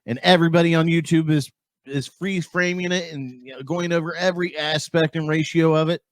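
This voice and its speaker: A man's voice: on the high side, fairly even intonation, fairly quick, no room sound. A man on a podcast, chatting in an easygoing way about movies and trailers. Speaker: podcast co-host. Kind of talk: casual chat.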